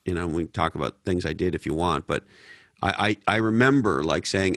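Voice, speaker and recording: A man's voice: deep voice, brisk, fairly bright tone, dry recording, studio quality. A man from Canada hosting a podcast Q&A, blunt and profane, telling stories in a casual way. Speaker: podcast host. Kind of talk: casual Q&A talk.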